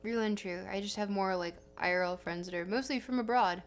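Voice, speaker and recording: With a brisk delivery at a medium pitch, this young livestream host rambles and corrects herself through casual stream chat. There's a little hiss or hum, and soft guitar music sits in the background.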